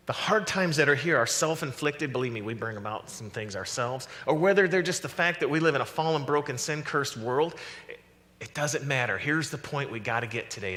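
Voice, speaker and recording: A man preaching a sermon as pastor, animated and conversational, acting out quoted voices as he goes. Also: mid-range voice, big-room sound. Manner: animated preaching, acts out voices of God and the prophets. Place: church sanctuary.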